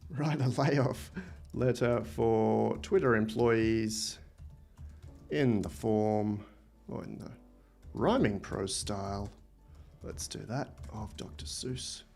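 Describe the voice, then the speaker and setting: A man with an Australian accent hosting a live software demo, thinking aloud with enthusiasm as he types and explains. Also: fairly low pitch, slow pace, vocal fry, soft background music. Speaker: livestream host.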